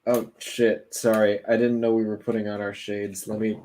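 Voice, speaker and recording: A young man co-hosting a podcast, reading entertainment news in relaxed, casual chat with hesitant fillers. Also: lowish voice, moderate pace, crowd noise.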